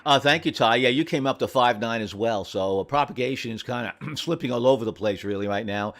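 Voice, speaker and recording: A man running an amateur radio station from home, friendly and repeating call signs slowly and carefully. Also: mid-range voice, a bit bright. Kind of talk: on-air radio contacts, reading call signs.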